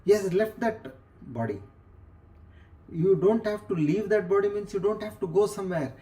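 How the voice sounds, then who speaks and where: A man's voice: high-pitched, normal speed, dark tone. A man giving a spiritual discourse as a teacher, explaining with everyday examples and repeated phrases, sometimes dropping to a near whisper.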